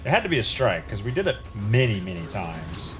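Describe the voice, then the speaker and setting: A man streaming a video game live, chatting casually and talking to himself as he plays, with an occasional excited curse. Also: on the low side, brisk, over music. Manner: casual, chatty, talks to himself while playing. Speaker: gaming streamer. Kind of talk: live gameplay commentary.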